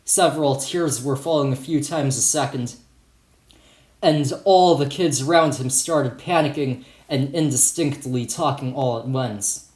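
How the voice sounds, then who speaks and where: A man's voice: medium pitch, measured pace, darkish tone. Man reading a story in an echoey room. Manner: casual, profane storytelling. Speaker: audiobook narrator. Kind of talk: audiobook reading.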